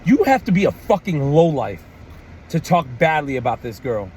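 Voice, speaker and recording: Casting: excitable man, higher voice, swears constantly, faint noise behind. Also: moderate pace. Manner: animated, profane, repeats "man" and "like". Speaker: wrestling commentary vlogger. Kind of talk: casual ranting commentary.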